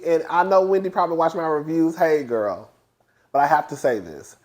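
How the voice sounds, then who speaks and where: A man reviewing a reality TV episode in casual, animated, gossipy commentary. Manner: animated, gossipy, acts out quotes in high voices.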